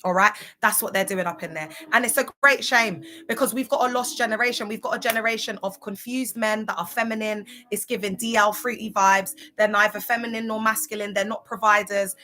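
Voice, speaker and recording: A woman talks on her own to camera in an unscripted vlog. She is impassioned and blunt, and she spells some words out letter by letter for emphasis. Her pitch sits in an ordinary middle range for a woman. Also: steady tone, a little fast, few pauses, bright, forceful tone. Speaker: former church member speaking out. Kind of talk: casual vlog monologue.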